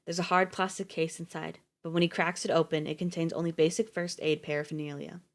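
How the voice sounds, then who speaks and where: A woman narrating a story in a steady, even reading voice. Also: sits low, brisk. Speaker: audiobook reader on a livestream.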